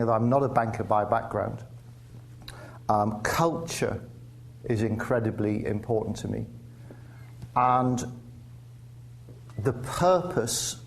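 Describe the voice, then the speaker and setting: A man from England with a lowish voice and vocal fry gives a public lecture as a guest speaker in a lecture theatre. His talk is conversational, full of wry asides and frequent restarts, with faint background noise from the hall.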